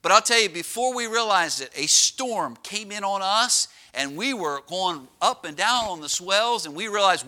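A middle-aged pastor preaching a sermon, telling stories with lively slowdowns and sudden drops to a hush. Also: male voice, high voice. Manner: animated storytelling with dramatic slowdowns and drops to a hush.

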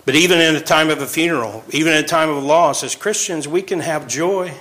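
A man's voice: on the high side, fairly quick, fairly bright tone, rough recording. A man over forty giving an informal sermon, chatty and joking, often laughing between points. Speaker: pastor.

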